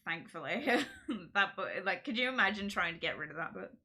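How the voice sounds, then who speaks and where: A chatty woman hosts her stream, talking in loose, giggly rambles that restart mid-sentence. Her voice sits a little low but rings bright and forceful. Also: expressive, fairly quick. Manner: rambling, giggly, self-interrupting. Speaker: streamer host. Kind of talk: casual chat on a livestream.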